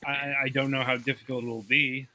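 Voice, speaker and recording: A man hosting an interview podcast, asking questions and wrapping up the episode in a friendly, measured way. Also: medium pitch, level tone, bright, forceful tone, poor audio. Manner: friendly, wraps up the show in a measured way. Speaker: podcast host. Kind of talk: interview host.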